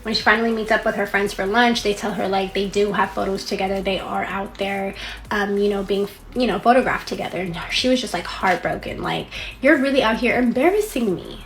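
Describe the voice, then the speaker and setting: A woman's voice: mid-range voice, brisk. A woman chatting through a juicy storytime in a middle-range voice. She talks casually and gossips with feeling, jumping into the quoted lines with bursts of energy. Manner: animated, gossipy, acts out quotes. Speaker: storytime creator.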